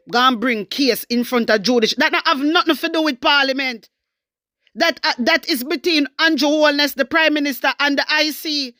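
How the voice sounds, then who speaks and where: A Jamaican woman delivers a heated political rant in patois, hammering her points with repetition. Her voice sits high and sounds bright and sharp. The recording is dry and close. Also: dry recording. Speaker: political commentary host. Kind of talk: angry political commentary monologue.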